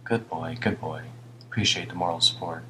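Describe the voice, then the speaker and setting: Voiced by a male audiobook reader, a tired older homeless man with a British accent mutters at times and rambles regretfully, piling blame on himself in a low, deep tone. His intonation stays fairly even at normal speed, lightly acted, with a faint hum behind.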